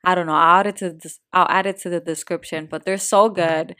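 A young woman chats in an easygoing, talkative way as a podcast co-host. Her voice sits a little low. The recording is dry and close, with almost no room sound. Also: fairly even intonation, a little fast, pushed and bright, clear, resonant tone, no room sound. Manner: easygoing, chatty, recommending things to listeners. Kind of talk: casual chat.

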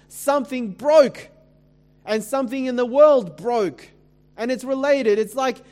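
High-voiced pastor preaching a sermon. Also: male voice, darkish tone. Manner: conversational preaching with rhetorical questions; dramatic scripture reading.

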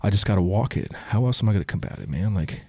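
Low husky-voiced man, confessing haltingly. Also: expressive, dark tone, no room sound. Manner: emotional, halting, says "man" and "dude" constantly. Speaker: guest. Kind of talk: candid confessional conversation.

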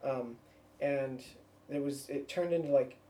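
Mellow-voiced podcast host, off-mic. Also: medium pitch, a little slow. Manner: laid-back, laughs easily, many "like"s. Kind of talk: casual chat. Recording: distant from the mic.

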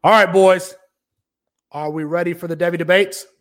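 A man's voice: high-pitched, steady tone, normal speed. A man co-hosting a fantasy football podcast, arguing a case in mock-formal style and then chatting casually. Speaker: podcast co-host. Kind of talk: casual sports podcast chat with mock courtroom bits.

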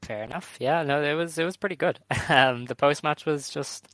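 A man co-hosting a casual podcast, talking in a measured way with frequent "um"s as he goes over details. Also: fairly high pitch, fairly bright tone, no echo. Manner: measured, many "um"s, runs through show details. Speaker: podcast co-host. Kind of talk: casual chat reviewing wrestling shows.

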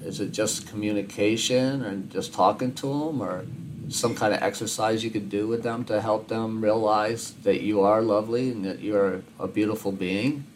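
A man hosting an interview, relaxed, asking loosely phrased questions and giving brief affirmations. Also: fairly low pitch, moderate pace, noisy background. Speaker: interview host. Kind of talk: casual interview.

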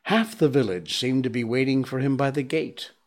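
A man reading a classic novel aloud, relaxed and chatty between passages. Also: mid-range voice, normal speed.

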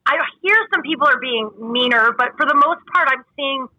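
A woman talks in loose, emotional bursts, full of restarts. Her voice is very bright and tense, a bit higher than most. The sound is dry and close. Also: normal speed, no echo, rough recording. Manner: emotional, rambling, many restarts. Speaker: podcast host, guest. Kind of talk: casual chat.

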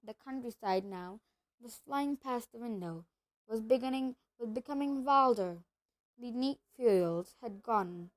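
A woman reads a children's novel aloud at a steady pace, now and then tripping over a word and going back. Her voice sits fairly high and the sound is dry, with no room echo. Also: measured pace. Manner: steady reading with small slips and self-corrections. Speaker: storybook reader.

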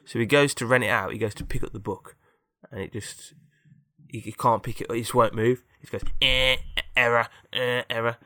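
A man's voice: fairly low pitch, steady tone, fairly quick, a bit bright, dry recording, studio quality. A man casually improvising a story, rambling with fillers and tag questions.

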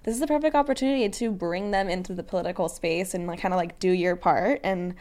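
A woman's voice: fairly low pitch, fast, a little mellow, a little hiss or hum. A young woman co-hosting a podcast, reading sponsor and event plugs with teasing enthusiasm. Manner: enthusiastic, teasing, laughs easily. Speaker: podcast co-host. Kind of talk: casual podcast chat and ad read.

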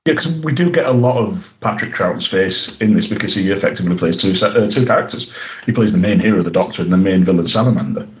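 A low-pitched man talks through a show in relaxed podcast chat. He fills pauses with ums and uhs, restarts his sentences and laughs readily as he goes. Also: dull audio, slight background noise. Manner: chatty, laughs often, many fillers and restarts. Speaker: podcast host.

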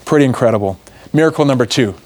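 Young male speaker, sermon-style history storytelling, lively asides. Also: medium pitch, fast. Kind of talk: religious talk on history.

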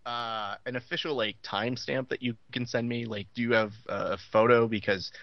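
A man's voice: medium pitch, fairly even intonation, moderate pace, dry recording, muffled recording. A man hosting a podcast, giving a sarcastic, profane comedic recap of a TV episode. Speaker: podcast host recapping a show.

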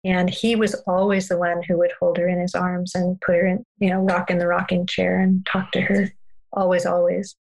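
Low, gravelly woman telling calm stories. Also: moderate pace, low-quality recording. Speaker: parenting guest expert. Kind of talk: storytelling in a podcast conversation.

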